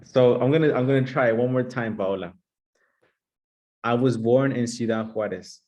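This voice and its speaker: A man playing an English teacher, calling on students and giving brisk, upbeat praise. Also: mid-range voice, a little mellow, lo-fi sound. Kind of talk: playful classroom sketch.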